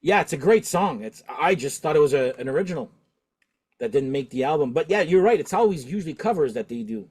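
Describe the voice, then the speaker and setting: A middle-aged man hosting a casual talk show, talkative and animated, laughing often. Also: on the high side, quick pace, slightly rough. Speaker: podcast host. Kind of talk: casual chat.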